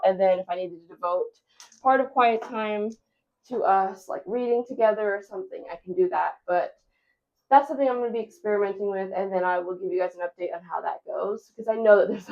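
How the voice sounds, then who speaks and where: A woman's voice: medium pitch, creaky, darkish tone, dull audio. A chatty woman vlogging about her day as a mom, rambling from one thought to the next. She pokes fun at herself as she goes, in an easy mid-range voice. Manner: chatty and rambling, self-deprecating. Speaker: vlogger and stay-at-home mom. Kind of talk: casual vlog chat.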